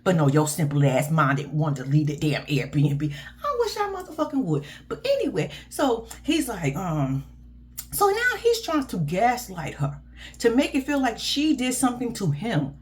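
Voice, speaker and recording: A woman's voice: mid-range voice, very animated, moderate pace. A woman, casually ranting through a blunt, profane reaction recap as a show host.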